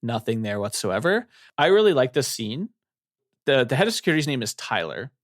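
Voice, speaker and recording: A man's voice: medium pitch, very animated, a little fast, no room sound, studio quality. A man co-hosting a book podcast, retelling a horror novel's plot loosely, with lots of fillers. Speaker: podcast co-host. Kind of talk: casual book discussion.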